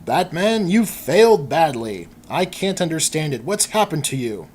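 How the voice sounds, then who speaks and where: A man voicing a stern middle-aged police commissioner in a comic book dramatic reading, speaking loudly and harshly. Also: fairly high pitch, sing-song, normal speed, slightly rough. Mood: stern scolding.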